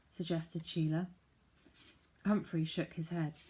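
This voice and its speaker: Woman audiobook narrator; measured, deliberate storybook reading. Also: low-pitched, little pitch movement, mellow.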